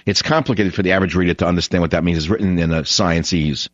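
A man's voice: sits low, fast, no echo, highs cut off. A man hosting a radio talk show, delivering a blunt, opinionated, rambling monologue.

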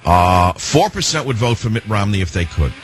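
A male talk radio host telling a rambling, indignant story in a husky voice. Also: on the low side, sing-song, moderate pace, over music.

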